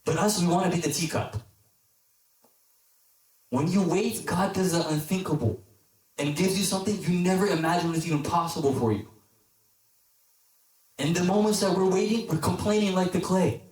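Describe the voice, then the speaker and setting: A man giving a casual sermon to a youth group, with a fairly high voice. He tells a story in a relaxed way, often checks in with his listeners, and drops low for emphasis. He is heard from a distance in an echoey hall. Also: normal speed, long pauses. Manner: conversational, checks in with the audience. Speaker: deacon preaching to a youth group.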